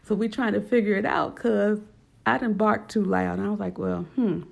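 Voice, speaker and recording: A woman telling a personal story casually and with animation, acting out quoted lines in a higher voice. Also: fairly even intonation, a little fast, gravelly.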